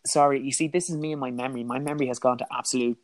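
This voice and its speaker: Irish male guest, candid storyteller, stumbling restarts, mid pitch. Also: steady tone. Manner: candid, halting, with frequent restarts and quoted dialogue. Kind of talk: personal storytelling in an interview.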